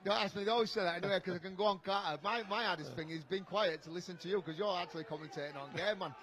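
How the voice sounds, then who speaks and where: A man's voice: racing, a bit bright. A man with a Yorkshire accent doing live match co-commentary as a former player, chatty, blunt and joking. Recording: noisy pitchside ambience.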